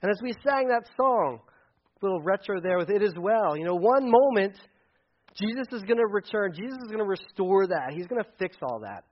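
High-voiced preacher, casual sermon. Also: male voice, moderate pace, muffled recording. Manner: animated, acts out quotes, conversational asides. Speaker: pastor.

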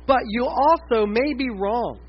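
Middle-aged pastor from the States, tenor-high voice, casual animated preaching; muffled, slightly hummy recording. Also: male voice, unhurried, breathy edge. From United States. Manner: conversational and animated, dips to quiet asides. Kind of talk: sermon.

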